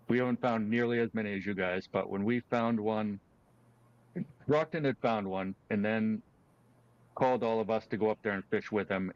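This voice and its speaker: A man hosting a casual chat, telling his own story in a relaxed, chatty way with restarts. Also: lowish voice. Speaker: host. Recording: dull lo-fi sound.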